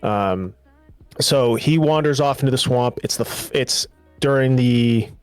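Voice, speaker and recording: A man hosting a casual podcast, recapping a show in a loose, rambling way and acting out bits of dialogue. His voice sits at a middle pitch and sounds dry and close. Faint music plays underneath. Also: a little slow, clear, resonant tone, no echo. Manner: loose, rambling retelling with acted quotes. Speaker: podcast host. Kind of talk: casual chat, retelling a show.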